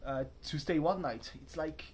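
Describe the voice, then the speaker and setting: Speaking at a normal speed in a voice on the high side, a young adult vlogger chats to the camera from his hotel room with slight background noise behind him. He's casual and rambling, poking fun at himself and wandering off on tangents.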